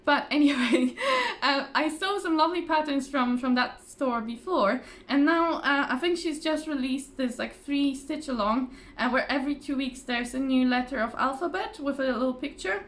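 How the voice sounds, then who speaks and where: Chatty woman with a high voice. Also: normal speed, few pauses, fairly bright tone. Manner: chatty, rambling, many fillers and restarts; laughs often. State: voice a little tired. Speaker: craft vlogger. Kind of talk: casual chat to camera. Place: home, at a table. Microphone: phone or camera on the table.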